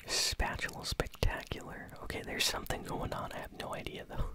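An ASMR gaming host whispering casual, easily amused gameplay commentary while chewing bubblegum. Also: brisk.

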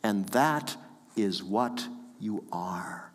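A man preaching a sermon as pastor, earnest and conversational, repeating key phrases with the odd soft chuckle. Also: lowish voice, expressive, very slow. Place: church sanctuary. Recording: long church reverb.

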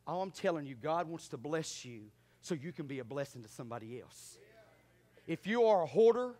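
A man preaching a sermon, animated, moving between quiet asides and loud shouts. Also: a little high, brisk. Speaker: pastor.

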